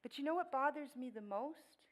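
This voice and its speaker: A middle-aged woman, a guest speaker at a church, telling a personal story in a lively way, with laughs and voiced quotes. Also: high voice, a little fast, rough recording.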